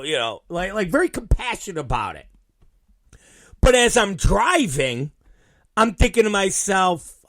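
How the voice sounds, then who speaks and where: A man's voice: high voice, sing-song, moderate pace, pauses often, fairly bright tone, no echo, studio quality. A middle-aged man hosting his own show, telling a rambling, profane story and laughing at it. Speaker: podcast host. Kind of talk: casual storytelling monologue.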